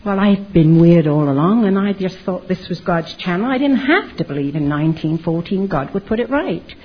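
A woman's voice: on the low side, expressive, normal speed, breathy edge. An older woman giving a candid, rambling personal testimony, full of restarts, recorded on dull lo-fi audio. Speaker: former Jehovah's Witness giving testimony.

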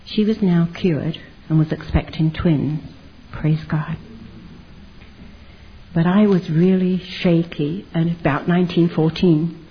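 An older woman tells her story in a candid, rambling way, circling back and restarting her thoughts. Her voice sits low and a little husky. The recording sounds dull and lo-fi. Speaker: former Jehovah's Witness giving testimony. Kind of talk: personal testimony.

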